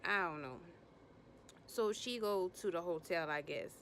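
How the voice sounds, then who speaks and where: A woman's voice: unhurried, a little hiss or hum. Sassy woman recapping reality TV. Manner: animated, acts out quotes in bursts of higher pitch; slangy, blunt, sassy commentary. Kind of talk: casual episode recap.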